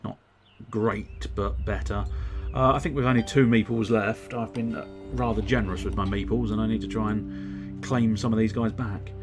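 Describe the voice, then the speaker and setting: Guy streaming a board game from home, lowish voice, jokey and sweary, bit of music quietly behind. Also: steady tone, normal speed. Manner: chatty, self-mocking, swears freely. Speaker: livestreamer playing board games. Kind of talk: casual live game commentary.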